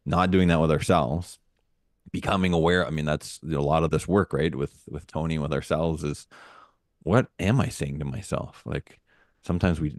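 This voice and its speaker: A man co-hosting a podcast, with an extremely deep voice. He talks earnestly and rambles, restarting his sentences often. The sound is dry and close to the mic. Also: darkish tone, no echo. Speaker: podcast co-host. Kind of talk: casual podcast chat.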